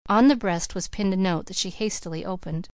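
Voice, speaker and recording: A woman's voice: fairly low pitch, brisk, a little mellow, no room sound. Woman reading a classic novel aloud. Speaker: audiobook reader. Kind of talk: scripted narration of a classic novel.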